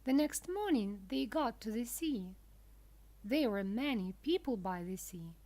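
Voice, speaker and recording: A woman reads a children's storybook aloud for English learners. Her delivery is very slow and deliberate, and every word is clear. Her voice sits somewhat high. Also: expressive, dark tone. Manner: clear, deliberate, simple phrasing. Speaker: narrator.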